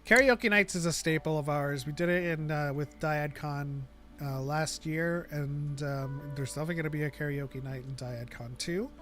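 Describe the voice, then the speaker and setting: A man's voice: fairly high pitch, moderate pace, fairly bright tone, soft background music. A man co-hosting a fan podcast in casual chat, arguing his points at length and laughing often. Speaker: podcast co-host.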